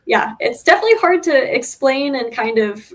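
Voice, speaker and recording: A woman motorcycle racer being interviewed, talking in a friendly, relaxed way with many small fillers. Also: sits high, normal speed. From United States. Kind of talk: casual interview.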